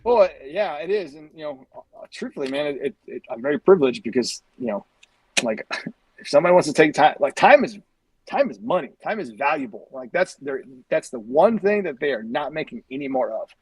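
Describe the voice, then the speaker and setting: A man's voice: fairly high pitch, sing-song, a little fast, a little hiss or hum. A man speaking as a podcast guest in casual chat, rambling with plenty of fillers. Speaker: guest, brand ambassador. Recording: dry sound, a bit far from the mic.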